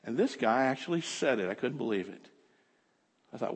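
A man preaching a fervent sermon that swings from quiet talk to shouting. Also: medium pitch, expressive, moderate pace, breathy edge. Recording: echoey hall.

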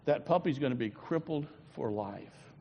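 A man's voice: medium pitch, animated, moderate pace, mellow, a little hiss or hum, pitched below the performer's own voice, close to an everyday voice. A man voicing a patient, plain-spoken older farmer in a sermon story. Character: patient older male farmer, blunt but kind. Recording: dull lo-fi recording in a long-echoing hall.

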